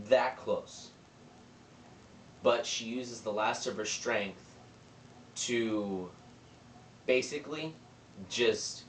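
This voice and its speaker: A man's voice: on the low side, a little hiss or hum. Young man recapping a movie plot. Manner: rambling, retells scenes with quoted lines. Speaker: movie reviewer. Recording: roomy, distant mic with faint ambience.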